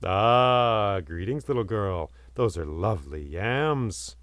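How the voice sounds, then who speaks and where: A man's voice: on the low side, lively intonation, takes it slowly, dry recording, voice pushed down. A man voicing a proud, touchy female forest spirit who speaks formally and turns indignant. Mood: polite, coaxing. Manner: formal, grows indignant and shouting.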